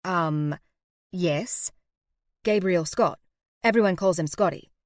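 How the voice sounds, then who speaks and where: A chatty, impish young woman, as a woman narrator plays her, breezy and friendly. The voice sits on the low side in a dry audiobook recording. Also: takes it slowly, no room sound.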